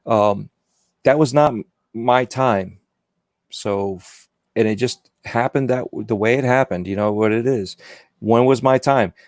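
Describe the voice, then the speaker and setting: A man in casual podcast chat who rambles, restarts and leans on "you know." His pitch sits in the middle. The sound is dry and close. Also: measured pace, a little mellow, no echo. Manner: rambling, repeats words, lots of "you know". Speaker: podcast guest.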